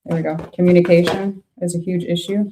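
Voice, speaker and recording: Woman tarot reader, low mellow voice, chatty and reactive. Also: little pitch movement, brisk. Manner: thinks aloud, laughs often, frank reactions. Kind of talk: casual tarot reading.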